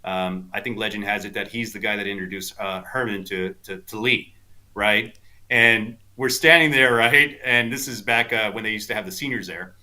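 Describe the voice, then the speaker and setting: A South Texas golf instructor, guesting on a podcast, speaks at a moderate pace in a low, pushed, bright voice. His casual chat is full of rambling anecdotes and fillers, and he quotes people animatedly.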